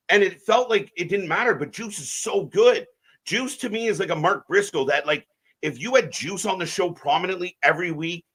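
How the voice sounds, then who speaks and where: A man's voice: on the high side, bright, forceful tone. A man co-hosting a live wrestling watch-along stream, giving opinionated, rambling takes with frequent restarts.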